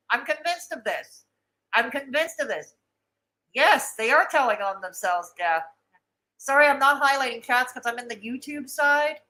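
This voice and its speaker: A woman's voice: on the high side, pushed and bright, rough recording. A woman hosting a casual livestream, reading chat aloud, greeting viewers by name and trading sarcastic remarks. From Canada.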